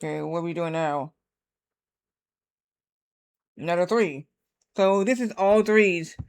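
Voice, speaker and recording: A man's voice: high-pitched, takes it slowly, clear, resonant tone. A man livestreaming a game, chatting casually and rambling through a story with many restarts. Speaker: streamer. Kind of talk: casual livestream chat while gaming.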